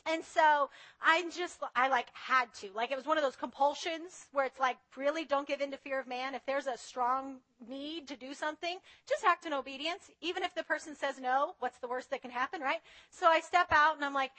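A woman's voice: high-pitched, brisk, pushed and bright, poor audio. A woman preaching a sermon in an earnest, conversational way, telling personal stories. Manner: earnest, conversational, tells anecdotes.

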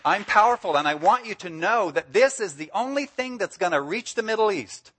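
A man's voice: high-pitched, expressive, brisk, fairly bright tone, slightly rough, a faint crowd. A man preaching as a guest speaker, enthusiastic and emphatic, often breaking into laughter. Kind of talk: sermon.

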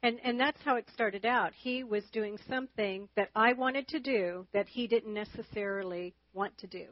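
A woman's voice: mid-range voice, normal speed, no room sound, highs cut off. A woman chatting and telling stories during a church marriage lesson shared with her husband. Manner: chatty, storytelling. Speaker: marriage teacher, co-host with husband.

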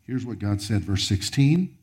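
A man preaching a sermon, reading scripture aloud and commenting on it, his voice rising high and then dropping to a near whisper. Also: lively intonation, measured pace. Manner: preaching with sharp swings of pitch and volume, dropping to a near whisper. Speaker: pastor.

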